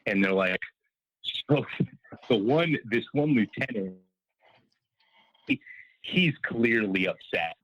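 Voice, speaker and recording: A man's voice: lowish voice, animated, slow pace, long pauses, a bit bright, dry recording, poor audio. A man calling in to a podcast, telling a long story in a rambling way, full of fillers and quoted exchanges. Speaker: caller. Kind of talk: casual storytelling on a call-in show.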